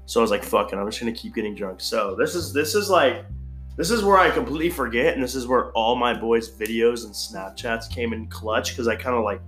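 A man's voice: mid-range voice, fairly quick, a bit bright. A young man telling a crude party story in casual chat, rambling and full of "like". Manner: rambling, crude, filler-heavy with frequent "like". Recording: echoey room with faint guitar music.

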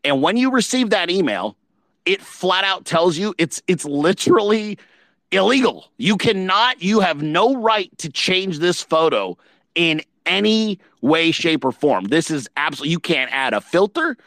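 A man's voice: sits high, expressive, moderate pace, fairly bright tone, dry recording. A man hosting a podcast in casual chat, blunt and profane, telling stories with rising emphasis. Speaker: podcast host.

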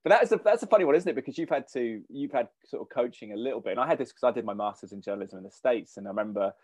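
A man hosting a podcast, asking questions in a quick, animated way and often repeating words as he starts. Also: medium pitch, no echo. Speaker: podcast host. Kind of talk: casual interview.

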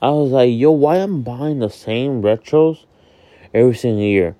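A man's voice: medium pitch, normal speed, no echo, muffled recording. Candid young man rambling, dry sound. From Miami, Florida. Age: 20s. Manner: rambling, candid, swears freely, many fillers. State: sleepy, yawning. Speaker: vlog host. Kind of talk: casual monologue.

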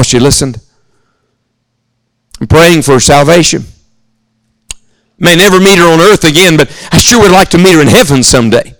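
This American man, from the United States, has a fairly high-pitched voice as he delivers an earnest sermon at a youth camp, telling stories and addressing his listeners directly. The recording is rough but free of echo.

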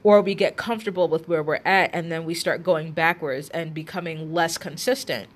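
A woman's voice: sits low, fairly even intonation, normal speed. A woman with a stuffy, congested nose giving casual health advice to her viewers, chatty and direct, with lots of fillers and restarts. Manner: direct, addresses viewers as guys and ladies. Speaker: health coach. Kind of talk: casual advice talk to camera.

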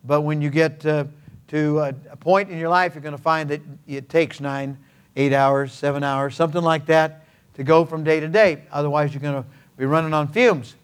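A man's voice: fairly high pitch, fairly even intonation, moderate pace, clean tone. A man preaching a sermon as pastor, in a folksy, conversational way with homespun examples and playful sound words. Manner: frequent hesitant fillers and restarts.

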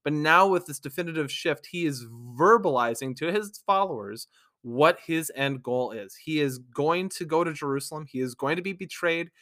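A man's voice: on the high side, expressive, normal speed, pushed and bright. Man teaching a Bible passage. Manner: conversational, often asks "right?". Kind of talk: scripture reading and teaching.

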